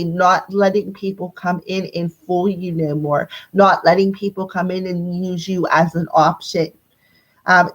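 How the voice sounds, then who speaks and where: Woman, squeaky voice, chatty live-stream tarot reader talking right to her viewers. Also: low-quality recording. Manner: chatty, talks straight to viewers. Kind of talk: casual live-stream card reading.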